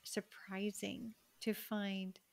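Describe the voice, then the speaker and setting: A woman's voice: medium pitch, flat delivery, drawn-out words, gravelly, darkish tone. A woman hosting an interview podcast, reflective and affirming as she responds to her guest. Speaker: podcast host. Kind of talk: interview conversation.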